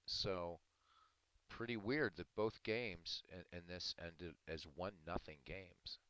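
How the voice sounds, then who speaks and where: Male streamer, relaxed chat, resonant clean tone, laughs through his stories. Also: sits low, slow, smooth, rough recording. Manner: laughing storyteller, self-mocking. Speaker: baseball sim streamer. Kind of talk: casual livestream chat.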